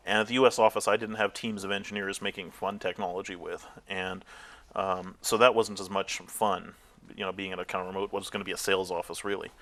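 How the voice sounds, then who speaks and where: A man's voice: low-pitched, little pitch movement, a little fast, fairly bright tone. A man interviewed as a tech company founder, telling candid stories about his career with frequent fillers and laughing at himself.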